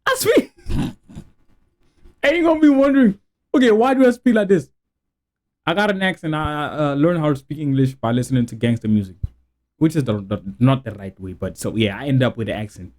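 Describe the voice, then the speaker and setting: A man's voice: mid-range voice, lively intonation, quick pace, a little mellow. A young man hosting a reaction video, talking in a rambling, slangy way and exclaiming often. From South Africa. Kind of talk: casual reaction commentary.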